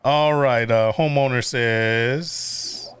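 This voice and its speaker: A man hosts a casual livestream, reading viewer comments aloud and swearing freely. His voice is smooth and resonant in a dry space. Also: mid-range voice, fairly even intonation, extremely slow, fairly bright tone, no echo. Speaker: livestream host.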